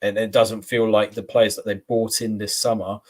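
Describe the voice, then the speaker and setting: A man co-hosting a podcast, giving measured views on football and citing stats. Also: on the low side, little pitch movement. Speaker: podcast co-host. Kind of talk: casual football chat.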